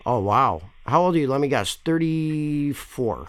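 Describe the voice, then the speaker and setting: A man's voice: fairly high pitch, expressive, measured pace, fairly bright tone, clear, resonant tone. A man making a prank call to a store, rambling, pushy and swearing often. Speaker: caller complaining to a store.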